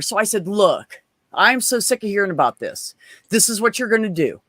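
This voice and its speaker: A man's voice: high-pitched, moderate pace, no room sound. A man co-hosting a podcast, telling a story in casual chat, swearing a lot and acting out quoted voices. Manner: animated, profane, acts out quoted voices.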